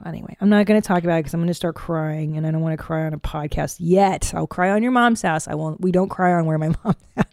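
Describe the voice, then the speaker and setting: A woman's voice: sits low, fast, hardly any pauses, a little mellow, dry recording. A woman stand-up comedian hosting a podcast in a studio booth, chatting casually in a frank, profane, rambling way.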